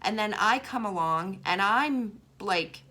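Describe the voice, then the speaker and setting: A young woman with a Boston accent speaks in a loose, candid vlog style, cursing freely and circling back with "like." Her pitch sits in an ordinary middle range for a woman, and the talk runs as unscripted storytelling. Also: expressive, slow, bright, forceful tone. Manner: candid, swears freely, rambling with many "like"s. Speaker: tarot reader.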